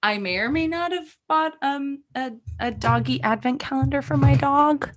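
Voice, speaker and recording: A woman's voice: high-pitched, moderate pace. A woman, an opera singer co-hosting a casual chat, who talks in a gushing, rambling way.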